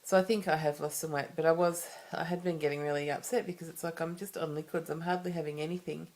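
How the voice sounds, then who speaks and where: A woman's voice: low voice, fairly even intonation, fast talker, darkish tone. A woman with an Australian accent talking to camera in a personal vlog, candid and rambling, with many restarts and asides. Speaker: vlogger.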